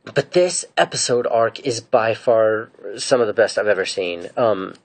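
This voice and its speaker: Rambling low-voiced man recapping episodes. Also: animated, unhurried. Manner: rambling and hesitant, many fillers and restarts. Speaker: fan reviewer. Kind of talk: casual episode recap and opinion.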